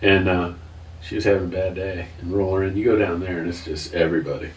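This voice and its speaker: A man in his fifties with a very low voice tells his story earnestly, circling back and restarting his thoughts. He sounds set back from the mic in a roomy space with a faint hiss behind him. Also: fairly even intonation, quick pace, distant mic. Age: 50s. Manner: earnest, rambling, restarts sentences. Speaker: guest. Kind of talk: emotional personal story.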